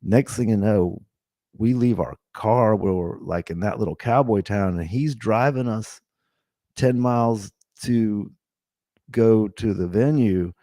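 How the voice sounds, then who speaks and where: Mellow, rambling man in his fifties. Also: fairly low pitch, takes it slowly, dry recording, clean studio sound. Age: 50s. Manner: rambling, with many restarts and laughs. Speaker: podcast host. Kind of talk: casual storytelling.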